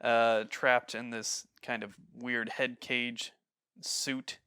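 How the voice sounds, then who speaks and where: Bright, crisp-voiced man hosting a podcast. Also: medium pitch, flat delivery, takes it slowly, dry recording, studio quality. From Ohio, USA. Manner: rambling, laughs often, many fillers. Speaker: podcast host. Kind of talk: casual podcast chat. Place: home.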